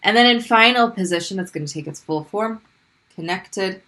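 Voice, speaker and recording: A woman's voice: mid-range voice, pushed and bright. Patient woman teaching letter sounds. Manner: patient, repeats sounds slowly for practice. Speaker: Arabic teacher. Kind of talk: recorded language lesson.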